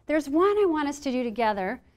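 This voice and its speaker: Presenting live on stress resilience, a woman with a high voice speaks a little fast to a roomful of listeners. She keeps things playful and lively, acting out inner voices as she goes.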